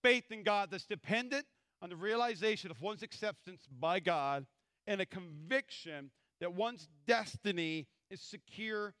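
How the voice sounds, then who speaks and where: High, bright-voiced preaching pastor. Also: male voice, unhurried, clear, resonant tone, no room sound, clean studio sound. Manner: animated, acts out scripture voices. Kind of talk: sermon.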